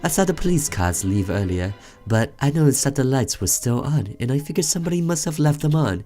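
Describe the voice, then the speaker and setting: A man's voice: medium pitch, very animated, fairly quick, warm tone, faint music behind, voice pushed up, close to an everyday voice. A man voicing a nervous, overly polite male neighbor who apologizes and fusses as he speaks. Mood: flustered polite. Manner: apologetic and fussy.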